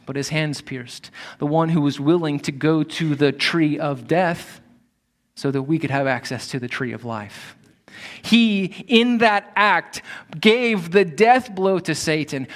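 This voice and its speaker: A man preaching a sermon as pastor, in a conversational way with direct asides to his listeners. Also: on the high side.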